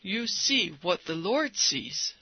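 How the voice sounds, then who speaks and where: A man preaching a sermon, teasing the congregation with quick questions and answers. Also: sits high, big pitch swings, husky, dull audio.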